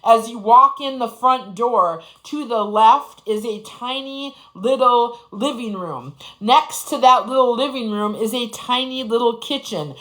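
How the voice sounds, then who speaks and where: A woman's voice: on the high side, unhurried, hardly any pauses, fairly bright tone, rough recording. A woman in her forties giving an impassioned, profane personal testimony, repeating phrases for emphasis. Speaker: speaker sharing her story.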